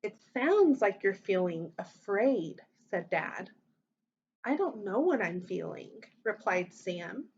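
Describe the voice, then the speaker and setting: A woman teacher reading a children's story aloud, voicing the characters with big expressive lifts in pitch. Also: slow, muffled recording, slight background noise.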